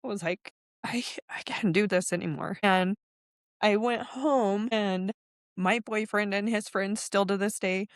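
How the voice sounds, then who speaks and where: A woman's voice: medium pitch, measured pace, no room sound, studio quality. A woman in her forties, a podcast guest, telling her story in casual chat, candid and emotional, acting out the voices of people she quotes.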